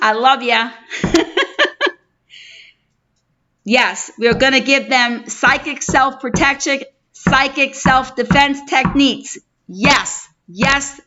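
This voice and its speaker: A middle-aged New York woman with a New York accent hosts a live stream, chatting casually and effusively with viewers by name. Her voice is high, bright and forceful. The stream audio is dull and lo-fi.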